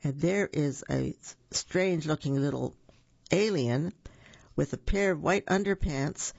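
A storyteller reading children's picture books aloud in a lively, sing-song way with small slips, on a dull, dry lo-fi recording. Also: medium pitch, a little slow, gravelly, no room sound.

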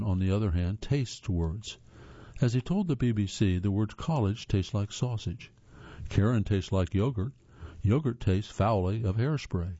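A man's voice: lowish voice, dark tone, dry recording, lo-fi sound. A man reading a scripted trivia narration in a wry, playful way, tripping over words now and then.

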